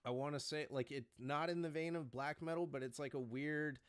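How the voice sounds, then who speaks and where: A man's voice: a little high, fairly even intonation, a little fast, smooth. A young man co-hosting a casual chat, rambling, swearing and laughing often. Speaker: podcast co-host.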